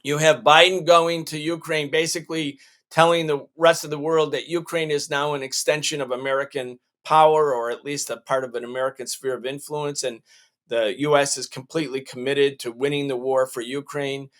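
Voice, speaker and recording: A man's voice: fairly high pitch, level tone, moderate pace, a bit bright. A male show host giving emphatic political commentary, often restarting his sentences.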